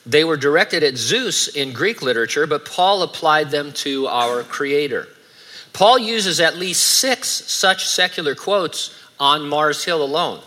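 A man's voice: on the high side, lively intonation, a little slow, pushed and bright. A middle-aged man preaching a sermon in a conversational way, with dry humorous asides. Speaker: pastor.

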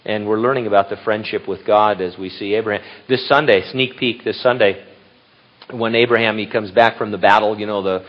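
An older man, a grandfather and pastor, preaching in a casual, rambling way with restarts and asides. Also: on the low side. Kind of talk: conversational sermon. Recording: dull lo-fi recording.

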